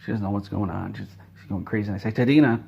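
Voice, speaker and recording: A man telling an absurd comedy story in a deadpan, rambling way, correcting himself as he goes. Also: on the low side, very fast, gravelly, lo-fi sound, a little hiss or hum. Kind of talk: absurd comedic story told straight-faced.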